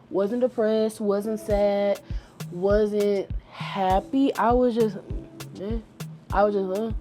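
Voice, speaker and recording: A woman's voice: medium pitch, mellow. A woman hosting her own channel, chatting casually to the camera in a playful, joking way with plenty of informal slang and frequent laughter. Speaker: YouTube channel host.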